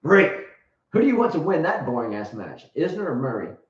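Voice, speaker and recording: A man's voice: on the high side, sing-song, quick pace, a little mellow. A man hosting a casual live show, rambling, joking and blunt, with crude humor. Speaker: show host and tennis coach. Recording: roomy, distant, dull sound.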